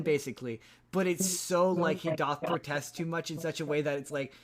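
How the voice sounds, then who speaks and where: A man's voice: fairly high pitch, steady tone, moderate pace, few pauses. A man hosting a podcast, casually recapping a film in a rambling way, with frequent restarts and repeated words. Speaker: podcast host.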